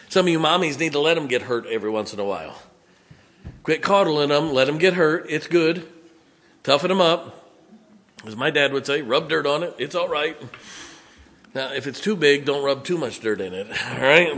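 A man's voice: fairly high pitch, bright, forceful tone. A man preaching a sermon, folksy, joking and blunt as a pastor speaking to his congregation.

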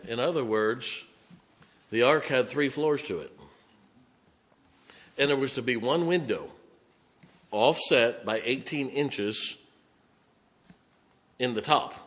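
A man preaching a sermon in a church sanctuary, his mid-pitched voice ringing with a long reverb that trails off in the hall. He reads scripture in a stately cadence, then breaks into emphatic explanation aimed at the congregation. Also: sing-song, slow, pauses often, fairly bright tone. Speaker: pastor.

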